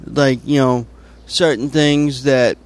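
A man, a comedian guest, talking casually and haltingly, full of fillers and restarts. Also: mid-range voice, fairly even intonation. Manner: hesitant, many fillers and restarts. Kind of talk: casual conversation.

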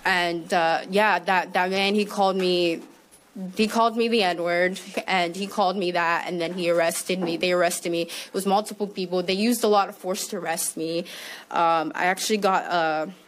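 Halting, tearful woman in a clip. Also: on the low side, steady tone, a little hiss or hum. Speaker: arrestee in a news clip. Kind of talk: emotional personal account.

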